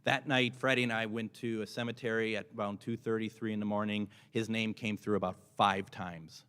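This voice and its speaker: A man's voice: lowish voice, little pitch movement, fairly quick, fairly bright tone. A man talking casually to a convention audience as a paranormal investigator, chatty and enthusiastic, often restarting his sentences. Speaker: paranormal investigator giving a convention panel talk. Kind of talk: casual presentation to a live audience. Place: convention panel room. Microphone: microphone in front of him. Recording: noisy room recording with clicks.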